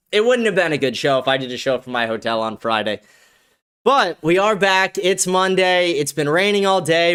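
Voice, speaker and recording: A man's voice: fairly high pitch, fairly bright tone, smooth. A man hosting a casual livestream commentary show from a studio, crude and profane, laughing often. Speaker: host.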